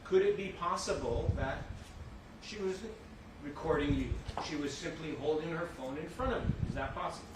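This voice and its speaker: A man's voice: fairly high pitch, moderate pace. A male attorney cross-examining a witness in court, with formal, pressing questions that demand yes or no answers. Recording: distant, very echoey courtroom feed with clear hiss.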